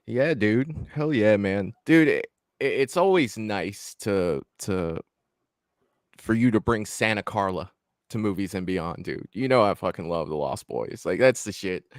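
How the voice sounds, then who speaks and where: Excited, swearing horror-channel host man. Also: lowish voice, unhurried, no room sound, studio quality. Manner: excited, rambling, swears freely. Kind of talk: casual live-stream chat.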